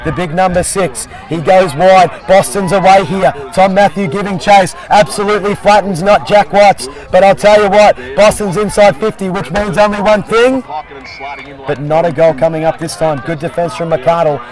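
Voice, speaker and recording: A man calling an Aussie Rules match as play-by-play commentator, jokey and excitable, working outdoors at the ground. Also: sits high, moderate pace, low-quality recording. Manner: jokey, excitable, repeats "I'll tell you what". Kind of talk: sports commentary. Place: outdoor sports field. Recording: crowd noise behind outdoor commentary.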